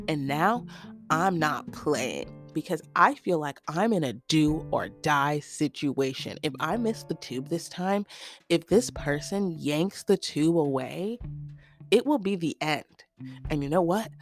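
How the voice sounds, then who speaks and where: A young woman with a fairly low voice hosts her own podcast, spinning a comic story in an exasperated, animated way. Her pitch leaps up when she gets worked up. Faint music plays underneath. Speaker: podcast host. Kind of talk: comedic storytelling monologue.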